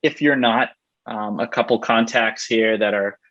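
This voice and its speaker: Low-voiced man on dull, dry audio. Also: steady tone, measured pace, fairly bright tone, no room sound. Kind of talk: webinar panel discussion.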